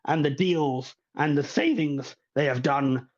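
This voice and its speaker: A man voicing a flamboyant male festival host in a fancy suit, announcing to a crowd in a high showy voice. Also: a little slow, highs cut off. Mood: grandiose.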